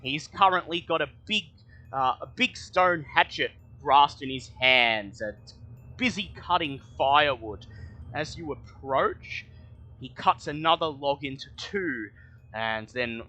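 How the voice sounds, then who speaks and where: A man running a tabletop game as game master, narrating the scene slowly and in detail. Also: mid-range voice, expressive, bright, forceful tone, poor audio. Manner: slow, descriptive scene narration.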